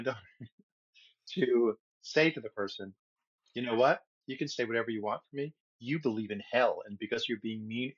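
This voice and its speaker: A middle-aged man co-hosting a podcast, telling a long story in an animated, rambling way with lots of restarts. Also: medium pitch, breathy edge, dull audio. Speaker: podcast co-host. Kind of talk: casual storytelling chat.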